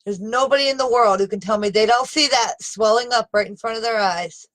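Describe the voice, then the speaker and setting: A woman's voice: fairly high pitch, brisk, fairly bright tone, rough recording. A woman talking unscripted on a live video into a phone camera, upset and exasperated, pleading and emphatic as she presses her point. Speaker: live streamer.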